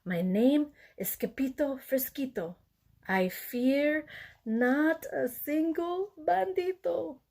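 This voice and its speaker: A woman's voice: mid-range voice, animated, moderate pace, few pauses, husky. A woman reading aloud, voicing a boastful kitten who poses as a small Chihuahua sword fighter and mixes Spanish words into his talk. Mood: soft brave. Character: Skipito, kitten posing as a brave little Chihuahua.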